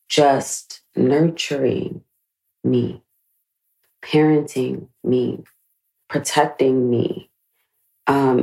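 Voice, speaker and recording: A woman's voice: very deep voice, a little mellow, low-quality recording. A woman in her late thirties hosting a podcast, reflecting candidly on her life in a frank, emotional way and swearing freely. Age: 30s. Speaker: podcast host.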